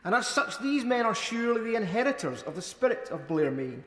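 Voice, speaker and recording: Brief: male MP, fairly high voice, wry measured oratory, echoey chamber with long reverb. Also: very animated, fairly bright tone. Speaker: member of parliament. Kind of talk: parliamentary debate speech. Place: debating chamber.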